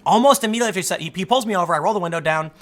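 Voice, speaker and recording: Bright-voiced man telling a story. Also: high-pitched, rapid-fire. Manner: animated retelling, acts out the dialogue. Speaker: vlog host. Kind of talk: casual storytelling monologue.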